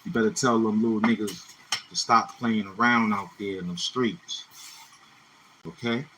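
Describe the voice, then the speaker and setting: A livestream host from Brooklyn, New York City talks loosely between freestyle rhymes, finishing lines with "you know what I'm saying." His lowish, slightly bright voice is fairly even in intonation and a little slow, with slight background noise and poor audio.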